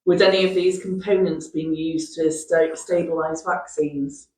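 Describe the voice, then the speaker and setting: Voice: mid-range voice, level tone, measured pace, a little mellow. A host asking questions in a casual chat, with a teasing manner. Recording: echoey, distant mic with faint noise.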